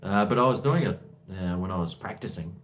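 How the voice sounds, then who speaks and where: A man's voice: sits low, brisk, soft background music. An Australian man hosting a live stream from home, chatting in a rambling way and reading viewer comments aloud. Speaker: livestream host. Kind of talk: casual live-stream chat.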